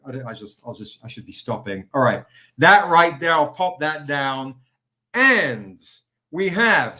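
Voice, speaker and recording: A man with a slightly high voice and sharp tone hosts a casual live stream, selling comic editions. He's chatty and upbeat, greeting viewers by name, though he sounds tired and like he's recovering.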